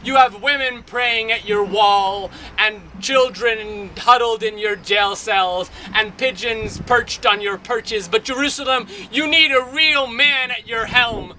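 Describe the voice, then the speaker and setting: High bright-voiced man reciting poetry. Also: slow, few pauses, a little hiss or hum, low-quality recording. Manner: rhythmic, wry, repeating refrain. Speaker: poet. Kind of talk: spoken word poetry.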